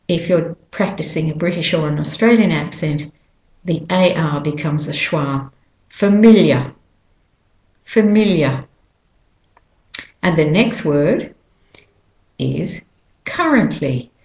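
A woman teaching English pronunciation, repeating each word slowly and stretching its stressed syllables. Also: low-pitched, a little mellow. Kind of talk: slow pronunciation lesson. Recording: echoey room.

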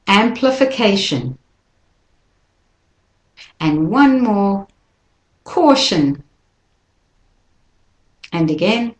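A woman teaching an English pronunciation lesson, slowly modelling words and sentences for listeners to repeat. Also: mid-range voice. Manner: slow, careful modelling of words for repetition. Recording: echoey room.

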